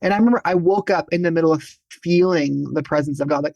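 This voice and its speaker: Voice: mid-range voice, fast, gravelly, few pauses, darkish tone, no room sound. A speaker in a casual spiritual podcast conversation, talking chattily in a self-mocking way with lots of fillers.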